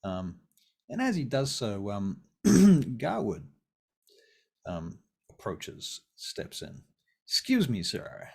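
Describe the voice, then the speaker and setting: Male game master, low gravelly voice, lively, stammering narration. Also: extremely slow.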